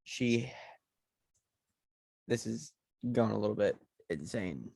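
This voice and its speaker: A man co-hosting a podcast in casual chat, relaxed and joking while he pitches story ideas. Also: slow pace, gravelly, slightly rough, no echo. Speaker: podcast co-host.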